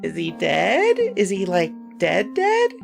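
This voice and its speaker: A woman's voice: lowish voice, huge pitch swings, takes it slowly, gravelly. A woman streaming a visual novel, chatting casually and reacting aloud as she plays. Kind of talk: casual live commentary. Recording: voice over game music.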